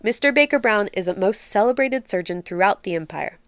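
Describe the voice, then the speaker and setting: A woman's voice: medium pitch, expressive, fairly quick, no room sound, lightly acted. A stern, no-nonsense hospital matron in a storybook reading, as the woman narrating puts her on. the words come out clipped and professional. close, dry recording.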